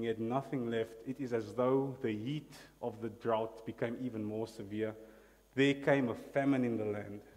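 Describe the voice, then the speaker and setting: A man's voice: medium pitch, darkish tone, big-room sound. A man preaching a sermon as pastor, emphatic, asking the congregation to repeat words after him. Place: church hall.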